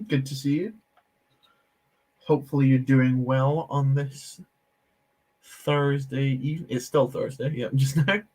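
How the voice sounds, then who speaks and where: A man's voice: mid-range voice, darkish tone, breathy edge. A man hosting a casual live stream while building, chatting, reading comments aloud and laughing often. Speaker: Lego streamer.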